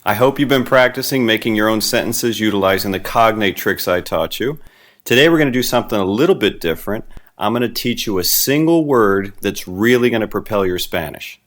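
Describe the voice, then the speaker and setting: A man teaching a beginner Spanish lesson in a friendly, patient way, slowing down for example phrases. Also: lowish voice, lively intonation, fairly bright tone.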